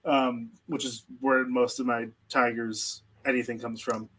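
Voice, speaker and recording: A man co-hosting a casual watch-party chat, reacting with quick short remarks. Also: medium pitch, a crowd in the background, low-quality recording. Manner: excitable, reacting with short interjections. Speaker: co-host.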